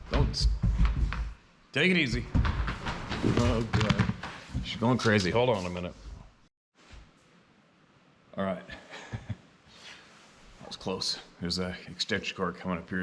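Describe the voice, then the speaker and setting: A man's voice: low voice, pushed and bright, a little hiss or hum. A man telling rambling, blunt stories in a casual vlog, swearing now and then. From Canada. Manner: blunt and profane, with frequent asides. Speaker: vlogger.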